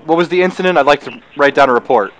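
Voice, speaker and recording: A man playing a corporate office official who questions a worker briskly and with authority. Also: on the high side, fairly bright tone, highs cut off, close to an everyday voice. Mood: officious.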